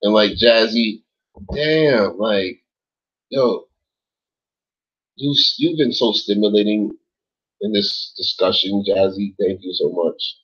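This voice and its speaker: A man hosting an online show in loose, casual commentary, rambling in slang with lots of swearing and sudden jumps up in pitch when he gets worked up. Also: takes it slowly, pauses often, husky. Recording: dull lo-fi sound.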